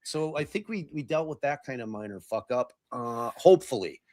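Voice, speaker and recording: A man's voice: mid-range voice, expressive, moderate pace, a little mellow, dry recording. A middle-aged man runs a casual live podcast stream. He jokes about his own clumsiness with technology and swears freely. His voice is close and dry. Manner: self-mocking, swears freely, fumbles with tech. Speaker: podcast host.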